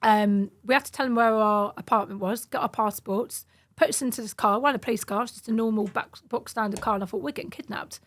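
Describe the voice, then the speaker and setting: A woman in her thirties, a podcast guest, telling stories in a casual, animated way and acting out the voices in them. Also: medium pitch, quick pace. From United Kingdom. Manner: animated, acts out quoted voices. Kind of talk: casual storytelling.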